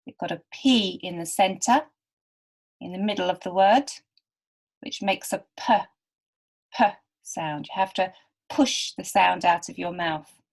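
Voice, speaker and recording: Slow, patient woman teaching beginners. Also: fairly low pitch, vocal fry. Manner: patient, stretches and repeats words. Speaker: literacy teacher.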